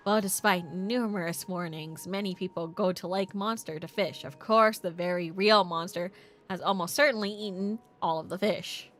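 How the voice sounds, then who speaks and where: A woman's voice: on the low side, steady tone, a bit bright, natural voice. A woman doing a pompous, long-winded tourism officer. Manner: formal, slow and long-winded. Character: pompous, rambling small-town tourism officer.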